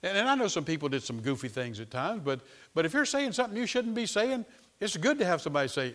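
An older man preaching a sermon as pastor, repeating phrases and swinging from loud to hushed. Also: on the high side, sing-song, fast.

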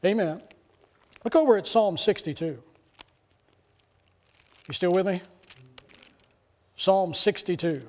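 A middle-aged male pastor delivers a sermon in a notably high voice. He tells stories casually, then builds into excited, emphatic preaching. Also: slow, pauses often. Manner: conversational testimony rising to excited preaching.

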